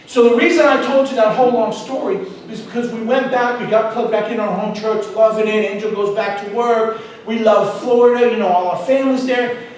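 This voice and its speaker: A male pastor preaching a sermon, telling a personal story with animated swings between loud emphasis and quiet asides. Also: high voice, a little fast. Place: church auditorium. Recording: echoey hall, mic at a distance.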